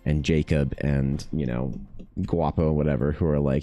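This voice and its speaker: An artist chats casually with viewers while drawing on stream, swearing freely, reacting to chat and running himself down. His voice is a low rumble with fairly even intonation, normal speed and a mellow quality, with faint music behind.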